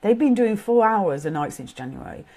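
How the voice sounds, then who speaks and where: A woman's voice: medium pitch, sing-song, normal speed, a little mellow. A middle-aged woman with a British accent giving an informal, earnest talk on parenting, thinking aloud as she goes. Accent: British English. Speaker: parenting coach.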